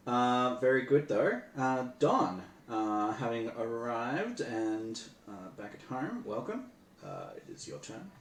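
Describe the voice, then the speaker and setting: A man's voice: medium pitch, wildly swooping pitch, slow pace, distant mic. Laid-back man running a tabletop game. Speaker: game master. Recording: echoey room, off-mic, faint background hiss.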